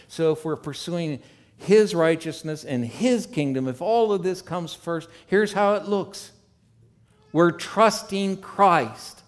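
A male pastor preaching a sermon in a church room, swinging between loud, emphatic stretches and quiet asides, and slowing down to read scripture deliberately. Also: on the high side. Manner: reads scripture slowly and deliberately.

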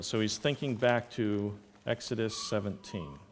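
A man's voice: medium pitch, moderate pace, hardly any pauses. Man preaching an expository sermon. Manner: expository preaching, reads scripture aloud, swells in emphasis.

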